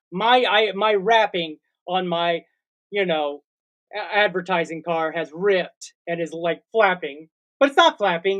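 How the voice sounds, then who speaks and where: A man in his forties, co-hosting a casual comedy podcast, telling a long rambling story with made-up sound words. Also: high voice. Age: 40s. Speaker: co-host.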